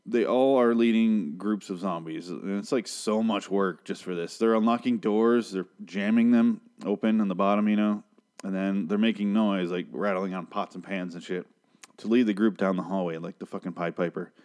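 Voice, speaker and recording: A young man casually recapping a TV episode, rambling and sarcastic, swearing freely and slipping into quick mock voices for the characters. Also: lowish voice, fairly even intonation, a little mellow.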